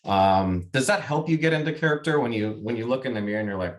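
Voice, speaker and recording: A man's voice: on the low side, animated, quick pace, hardly any pauses. A man hosting an interview over a video call, asking questions in an upbeat, friendly way. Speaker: interviewer host. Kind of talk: webchat interview.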